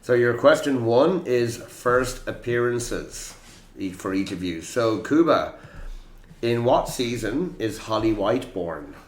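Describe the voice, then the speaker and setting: A man's voice: mid-range voice, lively intonation, takes it slowly, echoey room. A man with an Irish accent hosting a quiz podcast in a chatty, joking, self-deprecating way. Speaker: quiz host. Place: room in Prague.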